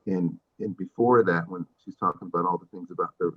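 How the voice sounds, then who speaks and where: A man's voice: low voice, a little fast, narrow, tinny audio. A man speaking as a landlord at a public hearing over a video call, defensive and repetitive. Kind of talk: public meeting testimony.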